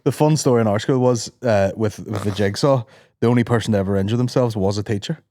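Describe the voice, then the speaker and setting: A man, a podcast guest cracking deadpan jokes in casual chat. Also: lowish voice, fast talker, dry recording. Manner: dry deadpan quips, bursts into shouted impressions.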